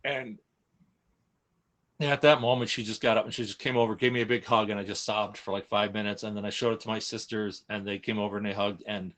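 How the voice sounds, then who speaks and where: A man's voice: fairly low pitch, a bit bright. A man openly recounting a hard personal experience in casual conversation, emotional and frank, often restarting his sentences. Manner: emotional, open, frequent restarts and self-corrections. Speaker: guest sharing a personal story. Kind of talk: candid personal storytelling in casual chat.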